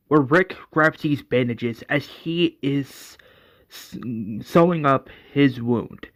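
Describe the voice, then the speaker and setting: Slow, rambling male narrator. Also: medium pitch, fairly bright tone. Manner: rambling with fillers and self-corrections. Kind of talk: casual episode retelling.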